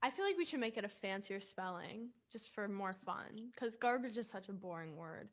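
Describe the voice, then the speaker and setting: A woman's voice: medium pitch, animated. Playful woman joking in group chat. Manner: playful, jokey, drawn-out emphasis. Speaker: podcast co-host.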